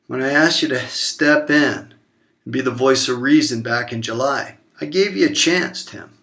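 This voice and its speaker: A man delivering an emotional, confrontational monologue to camera, swearing openly and swinging between low murmurs and raised outbursts. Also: normal speed, bright, forceful tone. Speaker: vlogger.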